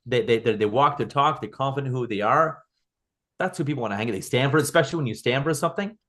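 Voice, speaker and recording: A man's voice: medium pitch, fast talker, fairly bright tone. A man as a podcast guest, talking earnestly in casual conversation, often restarting and repeating words.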